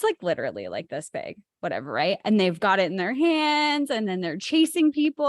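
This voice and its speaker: A woman co-hosting a spiritual talk show tells a story in a loose, chatty way, full of fillers and asides. Her voice sits in the middle of the range for a woman. The sound is dry and close, with no room echo. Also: mid-range voice. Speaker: podcast co-host. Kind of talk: spiritual podcast chat.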